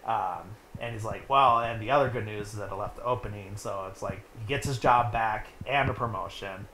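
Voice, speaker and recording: A young man with a lowish voice recaps a film in a loose, rambling way, leaning on "like" between every thought. He sounds like he's in an echoey room, with a faint hiss underneath. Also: fairly quick, bright, forceful tone. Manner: rambling, heavy use of "like". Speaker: podcast host. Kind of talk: casual movie recap.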